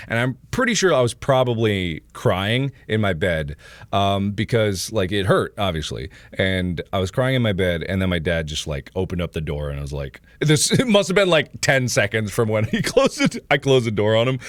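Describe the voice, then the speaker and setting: A man's voice: brisk, no room sound. A man in his twenties, chatting on a livestream and telling rambling stories while reading chat. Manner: rambling storytelling, reads chat, lively swings in pitch. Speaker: streamer.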